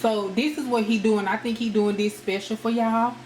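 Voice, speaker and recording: A woman's voice: a little high, fairly even intonation, moderate pace, darkish tone. Chatty woman in an echoey kitchen. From United States. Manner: chatty, addresses viewers as y'all. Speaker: cooking vlogger. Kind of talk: casual cooking demonstration. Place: home kitchen. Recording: echoey kitchen with cooking noise.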